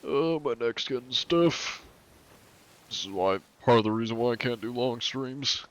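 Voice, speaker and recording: On a gaming livestream, a streamer in his twenties talks easily with his audience, trading dry, wry humor with chat. He speaks unhurriedly in a medium-pitched voice, and the recording has its high frequencies cut off.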